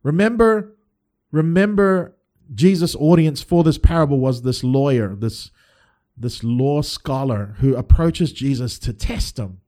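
A man's voice: fairly high pitch, measured pace, warm tone. A man preaching a sermon as a pastor, earnest and emphatic, often restarting his phrases.

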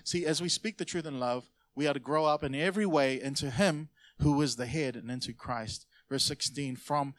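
A pastor gives a sermon in church, talking to his congregation like he's chatting with them, then suddenly punching a phrase out loud. His voice sits a little higher than most men's. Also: moderate pace, few pauses. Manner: conversational preaching, sudden loud emphases.

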